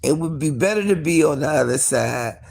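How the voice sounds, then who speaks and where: A woman hosting a casual live stream, gossiping in an animated, profane way and laughing often. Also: low voice, brisk, gravelly, husky. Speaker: livestream host.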